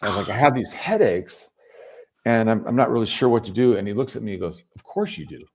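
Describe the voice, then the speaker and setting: A man telling his story as a guest in a casual chat, animated and swearing freely. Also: lowish voice, quick pace. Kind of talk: casual video call chat. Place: home in Berlin.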